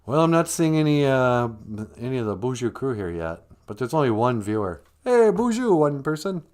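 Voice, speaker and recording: A man's voice: medium pitch, big pitch swings, normal speed, darkish tone. Guy rambling and joking on his home livestream, voice jumps around a lot. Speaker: livestream host. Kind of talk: casual chat.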